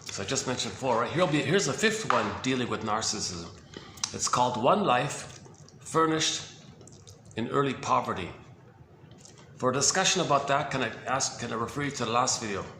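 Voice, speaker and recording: Animated and moderately paced, this video host's mid-range voice sounds pushed and bright as he rambles casually about psychology. He thinks aloud with many restarts, captured in a roomy echo with faint hiss.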